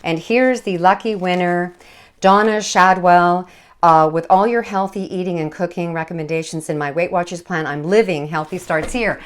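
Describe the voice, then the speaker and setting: A woman hosting a live cooking show, chatting in a bubbly, animated way. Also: fairly low pitch, normal speed, smooth. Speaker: host.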